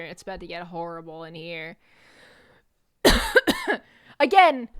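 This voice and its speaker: A young adult woman streamer telling a story in a casual, animated way, with frequent swearing and rambling asides. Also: medium pitch, clear, resonant tone. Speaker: VTuber streamer.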